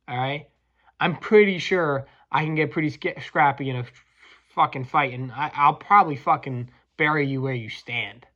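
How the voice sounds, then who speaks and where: A man's voice: medium pitch, pushed and bright, lo-fi sound. A man hosting a podcast, ranting crudely and combatively with frequent stumbling restarts. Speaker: podcast host, welder. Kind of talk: profane comedic rant.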